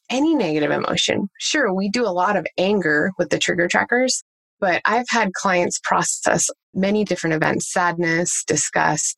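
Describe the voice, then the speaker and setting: A woman with a slightly low voice explains parenting techniques in an interview, practical and patient. She lays out each step with examples. The sound is dry and close, with no room around it. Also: a bit bright, no echo. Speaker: parenting coach. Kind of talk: conversational interview answers.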